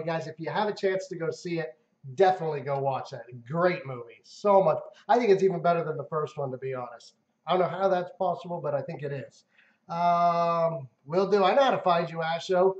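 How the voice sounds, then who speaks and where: A man hosting a live stream, chatting casually and easily with viewers, calling them man and dude. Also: on the high side. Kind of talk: casual chat. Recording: muffled roomy stream audio.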